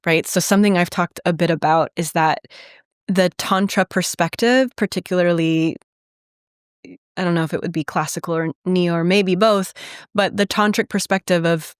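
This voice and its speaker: A woman hosting a podcast interview, asking reflective, searching questions with soft fillers. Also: fairly low pitch, steady tone, normal speed, clear, resonant tone, dry recording, studio quality. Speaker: podcast host. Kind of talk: conversational interview.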